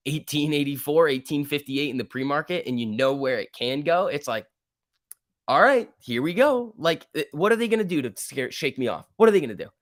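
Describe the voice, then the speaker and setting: A young man hosting a live stock-market stream, talking in an emphatic, excitable rant. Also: mid-range voice, no echo, studio quality. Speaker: livestream host.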